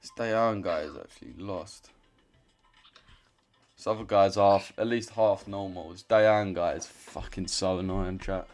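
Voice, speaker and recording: A man's voice: low voice, measured pace. A young man hosting a casual livestream call, blunt and mocking and swearing freely. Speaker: livestream host. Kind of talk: casual livestream banter with callers.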